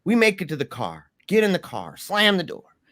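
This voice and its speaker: A man guest telling a story in casual talk, animated, with many restarts and fillers. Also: high-pitched, normal speed, no echo, clean studio sound.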